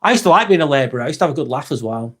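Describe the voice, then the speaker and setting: Casting: man, 40s, relaxed live-chat host, swears casually, reads viewer comments aloud. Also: mid-range voice, very fast. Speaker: livestream host.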